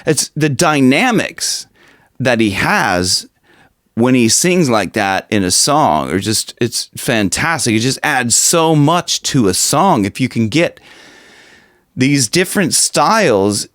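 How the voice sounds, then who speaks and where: A male vocal coach explains technique in an unhurried, rambling way, circling back on his own phrases. The sound is dry and close, with no room around it. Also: medium pitch, very animated, fairly bright tone, no echo. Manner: rambling, restarts, demonstrates screamed lines and breathy talk. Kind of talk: casual vocal lesson with demonstrations.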